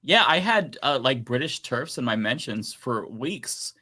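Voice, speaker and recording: A man's voice: medium pitch, sing-song, a little slow, bright, forceful tone, husky. A man co-hosting a casual political chat show, ranting animatedly with swearing and laughter. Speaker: podcast co-host.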